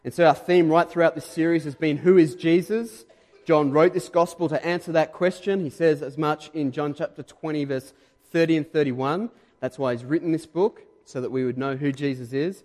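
A man with an Australian accent preaching a sermon, his voice pitched a little higher than most men. He talks to the congregation conversationally, then leans hard into the points that matter. The sound carries a long reverb from a church hall. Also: steady tone. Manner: emphatic, conversational, quickly louder when stressing points.

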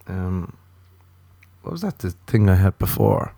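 A male comedian with a lowish, mellow voice rambling through an absurd improvised bit. He jumps into squeaky, exaggerated outbursts now and then. The sound is close and dry. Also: sing-song, unhurried, pauses often, dry recording. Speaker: stand-up comedian. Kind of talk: rambling improvised comic monologue to listeners.

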